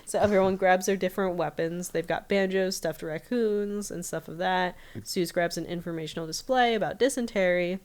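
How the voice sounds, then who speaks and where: A woman's voice: fairly low pitch, normal speed. A woman podcast host casually recapping a cartoon episode in a chatty storytelling way.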